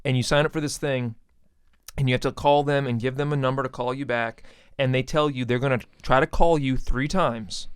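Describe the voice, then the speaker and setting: Guy telling a story on a podcast, smooth clear voice, dry close sound. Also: medium pitch, a little fast, no echo. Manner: steady storytelling. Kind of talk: casual chat.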